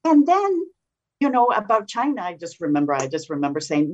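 A woman's voice: fairly low pitch, very animated, a little fast, highs cut off, noisy background. A woman whose first language is Spanish, speaking as a political candidate in an interview, emphatic and repeating phrases for force. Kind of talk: interview talk.

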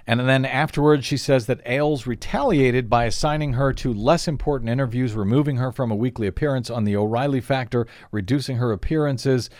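A man's voice: medium pitch, brisk, few pauses, darkish tone, no room sound, clean studio sound. A man hosting a talk radio show, reading out lawsuit details with wry asides and frequent fillers. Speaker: radio host. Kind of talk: talk radio news commentary.

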